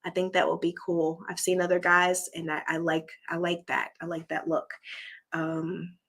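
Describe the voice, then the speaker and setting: A woman's voice: fairly low pitch, monotone, moderate pace, a bit bright. A woman hosting a casual live chat, chatty and encouraging, reading viewer comments and losing her voice. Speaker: livestream host.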